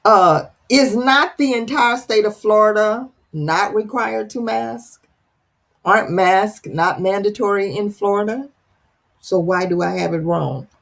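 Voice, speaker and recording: Creaky yet fairly bright in tone, this woman's medium-pitched voice moves unhurriedly as she hosts a casual livestream chat. She reads viewer comments out loud with playful teasing and drama.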